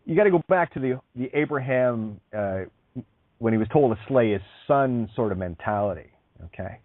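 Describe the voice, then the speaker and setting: He hosts an internet radio show, speaking bluntly and emphatically with plenty of swearing, laughing and restarting his sentences as he goes. His voice is medium-pitched and expressive at a moderate pace, and the dry recording sounds tinny, like a phone, with no room sound.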